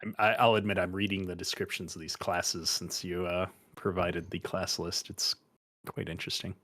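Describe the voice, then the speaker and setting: A man's voice: deep voice, level tone, moderate pace, a bit bright. A man playing a tabletop game, speaking in character with hesitant, stammering restarts. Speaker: player. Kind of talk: in-character tabletop role-play.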